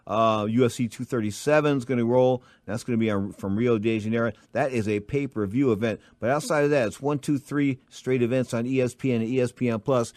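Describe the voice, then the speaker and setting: A man hosting a radio talk show, telling rambling, animated stories to his co-host and listeners. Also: mid-range voice, a little fast, hardly any pauses, no room sound.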